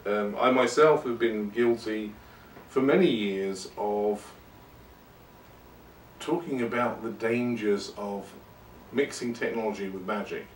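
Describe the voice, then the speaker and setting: On his podcast, a man wanders through a loose, casual monologue, making fun of himself along the way. He speaks slowly in a lowish voice, sounding distant from the mic in a roomy space with a faint hiss behind him.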